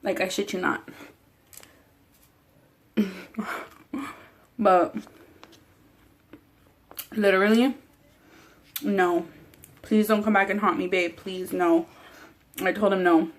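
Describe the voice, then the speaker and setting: A woman's voice: medium pitch, fairly even intonation, slow pace, pauses often. A woman chatting casually while eating on a mukbang vlog, rambling, swearing freely and often laughing. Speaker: mukbang vlogger.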